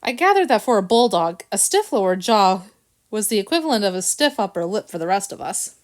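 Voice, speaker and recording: Woman, storybook narration, animated pitch, expressive. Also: brisk. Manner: lively, expressive reading. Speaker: audiobook reader. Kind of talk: storybook narration with character voices.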